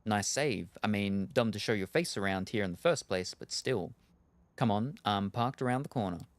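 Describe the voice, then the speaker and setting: A man voicing a gruff male vampire detective with a gravelly voice and clipped street talk, read aloud from a story game. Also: lowish voice, normal speed, no echo, natural voice.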